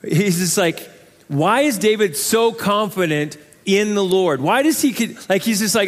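A man preaching a sermon as pastor, talking in a conversational, animated way and acting out little voices. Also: sits high, a little slow, in a large hall. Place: church sanctuary.

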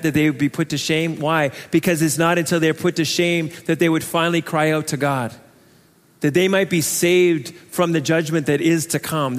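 A man with a high voice preaches a verse-by-verse sermon in an earnest, conversational way. He puts rhetorical questions to the congregation, and his voice carries a long reverb from the church hall. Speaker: pastor. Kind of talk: expository sermon.

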